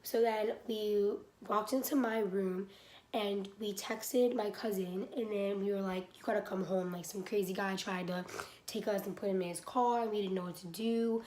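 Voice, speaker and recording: A woman's voice: medium pitch, steady tone, normal speed, a little mellow, a little hiss or hum. A young woman recounts a frightening night in a loose, rambling storytime voice, filling nearly every phrase with "like." Her nose sounds stuffy, and her voice rings in a noticeably echoey room. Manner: rambling, heavy use of "like". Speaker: vlogger. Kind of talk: casual storytime.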